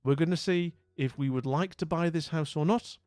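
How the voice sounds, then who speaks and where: A man's voice: fairly high pitch, normal speed, darkish tone, dry recording. Chatty northern English man, dry sound. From northern England. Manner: chatty and rambling, with many restarts and friendly greetings. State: a bit weak after being ill. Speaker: streamer. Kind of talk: casual live-stream chat.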